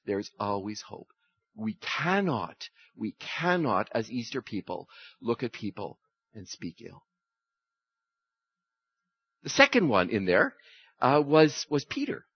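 A man preaches an Easter sermon, acting out the people in his stories with sudden pitch jumps. His voice is slightly husky and lively in pitch. The recording is dry and muffled. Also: takes it slowly, long pauses, no room sound. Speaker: pastor.

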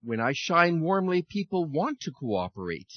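A man reading as a calm, smiling sun. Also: fairly high pitch, moderate pace, no room sound, dull audio, pitched above the performer's own voice.

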